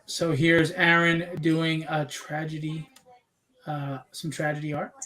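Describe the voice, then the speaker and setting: A man's voice: on the high side, completely flat delivery, slow pace, sharp tone. A man hosting a casual live stream, chatty and upbeat, joking about himself as he shows viewers' art. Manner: chatty and upbeat, self-mocking. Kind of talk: casual chat.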